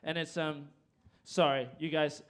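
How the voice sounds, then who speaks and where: Flat and measured, a man's slightly high voice carries his hosting of a live music event on a performing arts venue stage. He uses a handheld microphone and rambles with self-deprecating humor.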